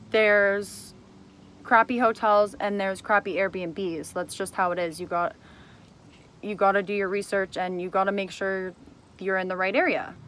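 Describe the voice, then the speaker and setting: A woman's voice: mid-range voice, a little hiss or hum. A young woman speaking straight to the camera, angrily accusing someone and then explaining her side of events. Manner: angry, accusing and confrontational at first, then calmer explaining. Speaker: speaker recounting a personal grievance. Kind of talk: emotional direct-to-camera testimony.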